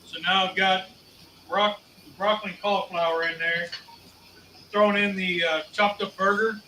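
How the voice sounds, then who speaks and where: A man's voice: high voice, fairly even intonation, moderate pace, a little hiss or hum. A man talking through a cooking recipe step by step, matter-of-fact as he works. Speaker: cook. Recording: roomy, bright and far from the mic.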